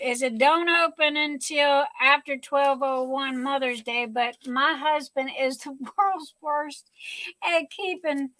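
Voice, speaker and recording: A woman's voice: high voice, slow, bright, forceful tone, dry recording, low-quality recording. A middle-aged woman hosting her livestream at home, gushing and talking through tears. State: tearful. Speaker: livestream host. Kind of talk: casual live chat.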